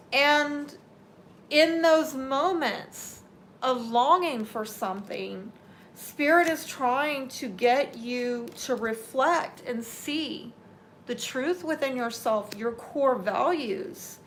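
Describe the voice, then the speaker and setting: A woman's voice: sits high, animated, slow pace, fairly bright tone, a little hiss or hum. A woman giving a live tarot reading, talking unhurriedly and reassuringly straight to the viewer, with teary eyes. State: teary-eyed. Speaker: tarot reader.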